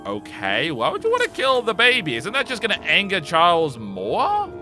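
A man giving excitable, jokey let's play commentary, taunting enemies as he plays, recorded on a desk mic with game music behind him. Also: sits high, normal speed. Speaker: gaming YouTuber.

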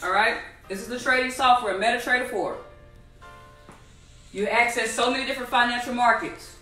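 A woman teaching a live online trading class, animated and repetitive, asking the audience many rhetorical questions. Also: a little high, brisk, reverberant, far from the mic, soft background music, low-quality recording. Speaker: trading instructor.

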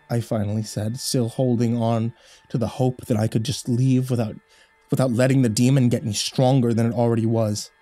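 Man, scripted horror storytelling, dark timbre, measured with dramatic swells. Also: medium pitch, steady tone, soft background music. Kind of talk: scripted first-person horror narration.

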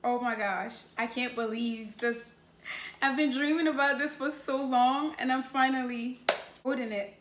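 A woman's voice: high voice, a little slow. A woman in her late twenties unboxing a new camera in a vlog, gushing and exclaiming as she goes, recorded indoors. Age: 20s. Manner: gushing, exclaims often, laughs between remarks. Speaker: YouTuber. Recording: echoey room with faint noise.

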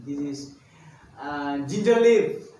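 Brief: high-pitched man, comic mukbang vlogger, broken English, recorded from afar in a very echoey room. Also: expressive, warm tone, slight background noise. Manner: halting, broken English with playful asides. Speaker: comedy vlogger. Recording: echoey room, far from the mic.

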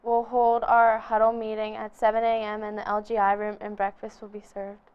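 Clear-voiced teen girl announcer. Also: medium pitch, monotone, normal speed, lo-fi sound. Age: teens. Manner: reads plainly from a script, slight slips. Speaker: student announcer. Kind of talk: reading school announcements.

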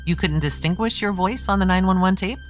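A persistent male defense attorney cross-examines a witness, read aloud by a woman. The voice sits low and keeps up steady pressure with leading, tag-ended questions. Faint music runs underneath. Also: fairly quick, natural voice. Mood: pressing. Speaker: true crime podcast host. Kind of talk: reading a trial transcript aloud.

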